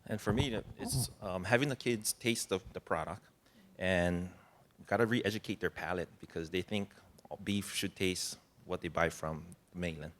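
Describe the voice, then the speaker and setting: A man who runs a ranch, speaking haltingly on a panel. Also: low-pitched, fairly bright tone. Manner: halting, with restarts. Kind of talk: panel talk.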